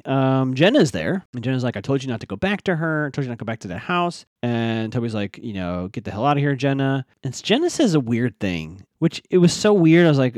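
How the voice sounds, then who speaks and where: Man, casual recap monologue, acts out lines, animated pitch, dry close sound. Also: no echo. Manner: animated, acts out characters' lines in quick voices. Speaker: podcast host recapping a TV episode.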